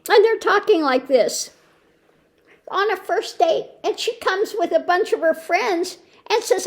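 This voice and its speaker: High, slow-talking woman chatting. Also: lively intonation. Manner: rambling, many restarts and exclamations of disbelief. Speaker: tarot channel host. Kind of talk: casual chat to camera. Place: at home.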